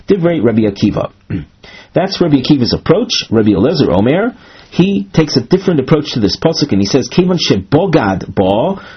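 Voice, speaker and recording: A man teaching a Gemara lesson in a measured, explanatory way, pausing and restarting, with Ashkenazi Hebrew pronunciation of the Hebrew terms. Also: a little high, husky. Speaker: Talmud teacher. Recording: dull lo-fi recording.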